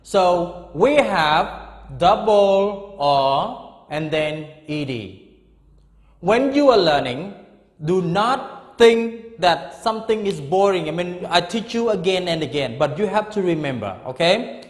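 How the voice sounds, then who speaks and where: A middle-aged man teaching an English grammar lesson, explaining slowly and repeating himself with frequent checks of "okay?". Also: high-pitched, lively intonation. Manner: slow, repetitive, drawn-out explanations with frequent "okay?". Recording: echoey room with long reverb.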